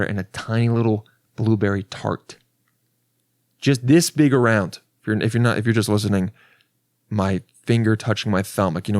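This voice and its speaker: A man's voice: lowish voice, darkish tone, no echo, clean studio sound. A young adult man hosting a podcast, telling a story in a casual, rambling, profane and self-mocking way, with many restarts. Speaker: podcast host.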